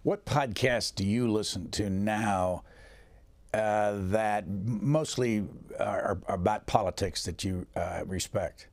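A man hosting a podcast, asking measured, plain interview questions. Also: on the low side, no room sound.

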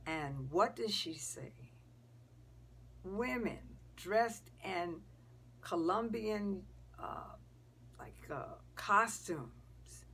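A woman telling a story casually, dropping into breathy whispers and pausing with fillers. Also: fairly low pitch, fairly bright tone.

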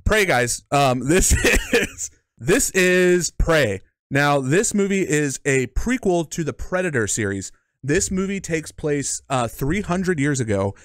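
A man's voice: on the high side, wildly swooping pitch, slow, fairly bright tone, dry recording. A man co-hosting a podcast in casual chat, blunt and opinionated, with frequent swearing. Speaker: podcast co-host.

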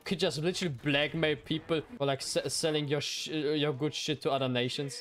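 A young man giving casual, profane gameplay commentary as a streamer, excitable and quick to outbursts. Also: a little high, soft background music. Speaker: gaming streamer.

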